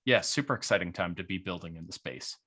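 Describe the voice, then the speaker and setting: A man's voice: deep voice, fast. A man being interviewed on a podcast, talking casually about his work with plenty of fillers. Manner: relaxed, chatty, many fillers and likes. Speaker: guest, head of strategy at a crypto firm.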